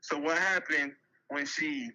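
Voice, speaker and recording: Brash joking man with bright sharp voice. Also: on the high side, steady tone, unhurried, low-quality recording. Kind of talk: casual banter.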